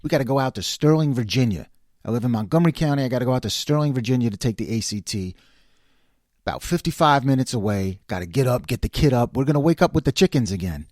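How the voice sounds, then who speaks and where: A man in his fifties hosting his own casual talk show, rambling and self-mocking as he jumps from quiet muttering to loud exclaiming. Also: mid-range voice, expressive, quick pace, dry recording, studio quality. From New York. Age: 50s. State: slight voice cracks. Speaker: host.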